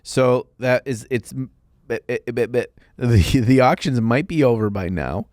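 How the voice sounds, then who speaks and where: A man's voice: mid-range voice, unhurried, a little mellow, no echo, clean studio sound. A man co-hosting a hobby podcast in casual chat, jokey and loose. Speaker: podcast co-host.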